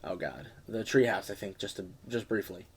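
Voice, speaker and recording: A man's voice: fairly low pitch, expressive, husky. A young man co-hosting a casual podcast, retelling a film's plot in a rambling way with many fillers. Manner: rambling, lots of fillers and quick quoted impressions. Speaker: podcast co-host. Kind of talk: casual movie review chat.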